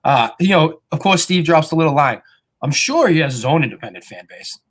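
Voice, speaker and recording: Fast, animated, profane podcast co-host. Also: male voice, a little high. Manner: quick, animated, profane ribbing. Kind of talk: casual chat.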